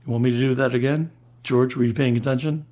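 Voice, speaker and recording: A man with a mid-range voice hosts a podcast in relaxed, casual chat. He is easygoing and laughs often. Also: medium pitch, fast talker, a little hiss or hum. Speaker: podcast host.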